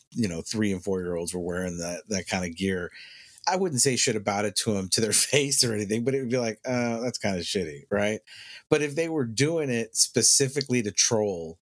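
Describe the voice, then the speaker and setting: A man with a fairly low voice rambles through a casual podcast conversation. He swears freely and laughs often as he talks. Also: a bit bright. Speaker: podcast co-host. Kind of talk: casual chat.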